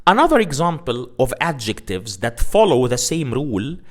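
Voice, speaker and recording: A man teaching an English grammar lesson, repeating example sentences slowly and stressing key words. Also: medium pitch, sing-song. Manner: slow, deliberate, repeats examples with heavy emphasis.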